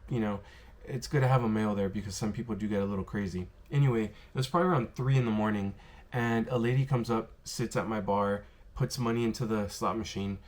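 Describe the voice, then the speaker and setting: Low-voiced man rambling through bar stories. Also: fairly even intonation, fast talker, a little mellow. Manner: rambling, filler-heavy, lots of "you know" and "um". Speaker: former bartender telling stories. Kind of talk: casual storytelling to camera. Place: worked in Las Vegas.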